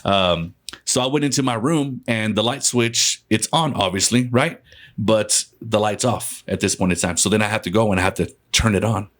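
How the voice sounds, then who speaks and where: A man with a fairly low voice tells a ghost story as a podcast guest. He keeps it loose and conversational, with casual swearing and laughs slipped between his lines. He is from West Texas. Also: moderate pace, fairly bright tone.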